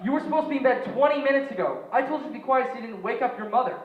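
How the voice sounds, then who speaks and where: A teen actor playing a flustered young dad. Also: male voice, high voice, lively intonation, a little fast, crowd noise. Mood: exasperated. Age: teens. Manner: exasperated, scolding then hushing. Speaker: student actor. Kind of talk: stage play acting. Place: school theater stage. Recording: echoey stage audio, dull sound.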